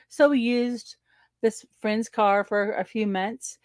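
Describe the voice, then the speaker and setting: A woman teacher telling a personal story in an animated way, acting out the exchanges and laughing often. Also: on the high side, slow pace, no room sound. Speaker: spiritual teacher. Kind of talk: storytelling monologue.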